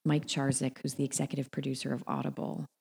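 Low-voiced woman telling an animated story. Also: quick pace, creaky, slightly rough. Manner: animated, acts out quoted voices. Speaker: guest, audiobook narrator. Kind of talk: casual storytelling chat.

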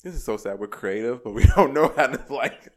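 Young man, podcast guest, swooping lively pitch, rambling casual chat. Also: fairly quick. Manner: animated, rambling storyteller with restarts.

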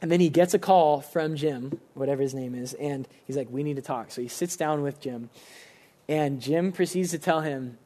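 A young man gives a sermon, talking to his congregation as casually as if he were chatting with friends. His voice sits a little on the high side for a man. He often acts out the dialogue of his stories in changing voices. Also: normal speed, dark tone. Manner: casual, conversational preaching with many fillers. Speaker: pastor.

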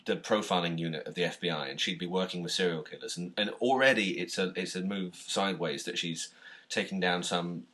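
A British man co-hosting a podcast, chatting casually about a film, animated, laughing often and restarting his sentences. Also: low voice, a little fast. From Britain. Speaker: podcast co-host.

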